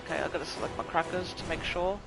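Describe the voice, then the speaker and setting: A young man chatting casually to his viewers during a game livestream, excitable and swearing often. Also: a little high, quick pace, creaky, over music, low-quality recording. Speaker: gaming livestreamer. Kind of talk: casual live commentary to chat.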